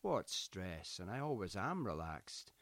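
A sardonic young man in his mid-twenties, as a male narrator plays him, grumbling and sarcastic in a low voice. The storybook reading sounds close and completely dry. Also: big pitch swings, unhurried, a bit bright, no echo, full character voice. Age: 20s. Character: 26-year-old man, sardonic bored younger brother.

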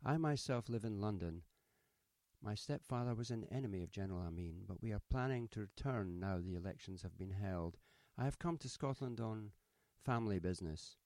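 A man's voice: on the low side, lively intonation, fairly quick, a little mellow, no room sound, clean studio sound. A man reading a story, voicing a smartly dressed young woman who speaks primly and coldly. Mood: curt. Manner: prim, clipped, coldly polite.

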